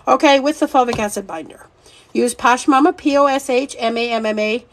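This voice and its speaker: A woman hosting a casual live stream, talking in an animated, joking, scattered way that keeps interrupting itself. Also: high voice, moderate pace.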